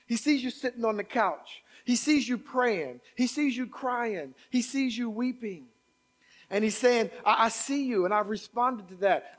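A man preaching a sermon as pastor, building from quoted scripture to shouted exhortations and repeated phrases. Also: extremely high pitch.

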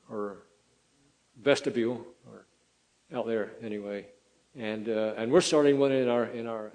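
An older man preaching a sermon in a folksy, halting way, with many fillers and restarts. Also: mid-range voice, warm tone, rough recording. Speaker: pastor.

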